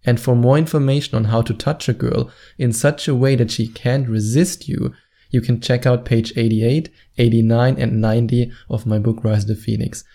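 A man's voice: mid-range voice, fairly even intonation, moderate pace, vocal fry, dark tone. A man giving dating advice straight to camera in a confident, instructive way, stretching words out for emphasis. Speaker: dating coach. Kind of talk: direct-to-camera advice monologue.

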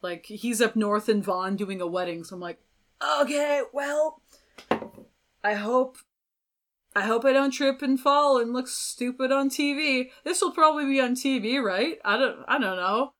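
A young woman, a violinist guest on a podcast, telling a story in a casual, animated way and acting out other people's voices. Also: high voice, normal speed.

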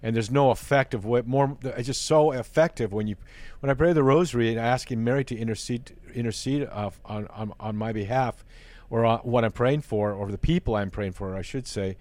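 A man's voice: mid-range voice, fairly quick, darkish tone, no echo. Man, show host, earnest, stumbles and repeats words, dry studio sound. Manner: earnest, repeats words while searching for phrasing. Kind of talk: faith talk show conversation.

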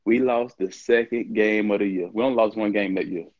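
This former college football player, a middle-aged man, is an interview guest swapping casual stories, voicing the dialogue he quotes and laughing a lot. He speaks briskly in a lowish voice. There's no room sound, and the audio is lo-fi.

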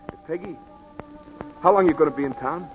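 An actor playing a shy, loyal young boxer, plain-spoken, in 1940s radio acting style. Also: male voice, a little high, brisk, music in the background, lightly acted. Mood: tender. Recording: muffled old radio recording.

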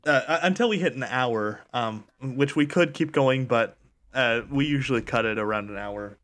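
A man's voice: mid-range voice, moderate pace, fairly bright tone. A man hosting a podcast in an easygoing, casual way, laughing often. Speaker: podcast host.

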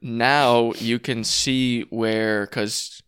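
Casting: young guy, smooth clear voice, animated podcast co-host. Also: medium pitch. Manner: talks in fast restarts, emphatic on alarming points. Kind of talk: casual chat.

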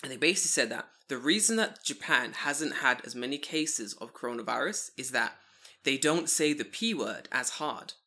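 A man's voice: mid-range voice, normal speed. A man co-hosting a casual podcast from a living room, talking in a loose, swearing, mocking way. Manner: swearing, animated, mocking impressions. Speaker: podcast co-host. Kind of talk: casual chat. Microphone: studio mic on a table.

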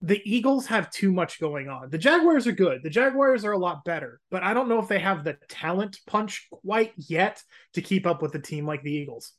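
A man's voice: high voice, big pitch swings, moderate pace, few pauses, fairly bright tone. Hedging man talking football picks. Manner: hedging, stammers at starts, thinks aloud. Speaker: podcast co-host. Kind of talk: casual sports-betting chat.

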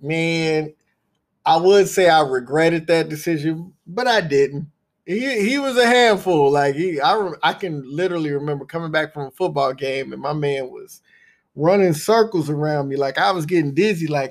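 Gravelly-voiced man giving an emphatic pep talk. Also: a little high, moderate pace. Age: adult with a son. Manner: emphatic, repeats phrases for punch; laid-back slang, says "man" often. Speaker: host of a recurring segment. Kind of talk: casual motivational monologue.

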